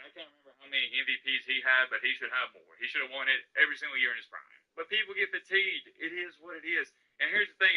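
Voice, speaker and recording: A man's voice: fairly high pitch, sharp tone, poor audio. A man delivering an emphatic college football rant, full of rhetorical questions. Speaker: sports commentator.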